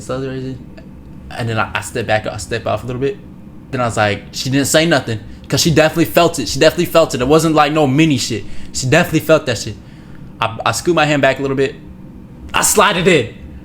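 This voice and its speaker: A young man telling a story from his own life as a streamer, rambling, slangy and repeating himself, sometimes dropping to a hushed low voice. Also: slight background noise. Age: young adult. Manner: drops to a hushed low voice for spicy parts. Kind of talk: casual storytelling.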